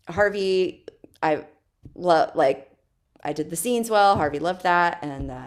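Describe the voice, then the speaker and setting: A woman actress as a podcast guest, telling stories in a chatty, animated way and laughing often. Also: low-pitched. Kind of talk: casual interview chat.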